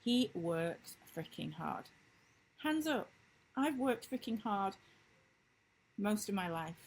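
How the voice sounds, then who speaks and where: A woman business coach in a casual talking-head vlog, recapping lessons with emphatic enthusiasm and sudden upward leaps in pitch. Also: very animated, slow pace, slightly rough, poor audio. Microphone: computer screen-recording mic.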